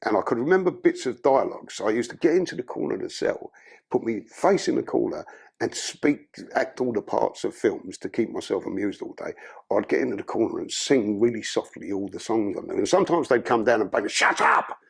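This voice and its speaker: Bloke, gravelly rough voice, low-ish, telling his story straight with plenty of swearing. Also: lively intonation, brisk, darkish tone. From London. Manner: blunt, profane storytelling. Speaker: podcast guest. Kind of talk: candid life-story interview.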